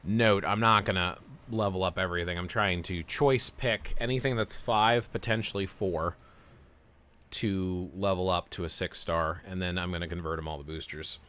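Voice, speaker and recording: A man's voice: low voice, fairly even intonation, normal speed, fairly bright tone. A man in his forties chatting casually on a game livestream, explaining what he does while answering viewers. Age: 40s. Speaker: game streamer.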